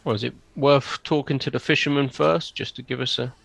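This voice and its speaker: A man at a tabletop game who speaks in a polite, hesitant way, filling gaps with ums. His mid-pitched voice has a gravelly grain and sounds close and dry. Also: steady tone, fairly quick, fairly bright tone, no echo. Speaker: player. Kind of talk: tabletop role-play, speaking in character.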